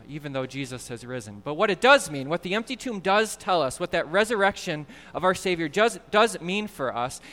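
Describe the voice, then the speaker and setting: Man, pastor, sermon, high bright voice, earnest and animated, long hall reverb. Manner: earnest, animated preaching with frequent repeated words.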